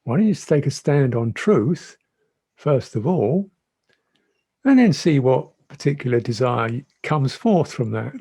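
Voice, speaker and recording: Man, Buddhist monk, dhamma talk, unhurried, mellow husky voice, gentle, reflective. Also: mid-range voice, animated. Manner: reflective, gentle, repeats phrases. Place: monastery meditation hall.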